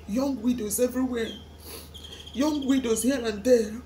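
A tearful woman with a Nigerian accent speaks in an emotional vlog lament, sighing between her words. She pleads with God and asks the same questions over and over. Her voice sits at a middle pitch, with faint ambient noise behind it. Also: fairly quick, dark tone. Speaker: vlogger.

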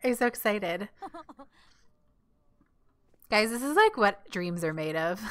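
A young woman chats through her gameplay in a bubbly, giggly way, her pitch bouncing all over. Her tone is bright and she takes her time, often slipping into little asides for her character. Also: animated, slow pace, long pauses. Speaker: gameplay commentator. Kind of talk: casual let's-play commentary.

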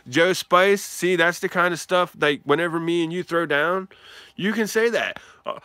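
A man's voice: on the high side, slow pace, no echo, studio quality. A man streaming live, opening card mail and chatting with viewers, whooping and laughing often. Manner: animated, whoops and laughs often, talks to chat. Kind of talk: excitable live stream mail-day chat.

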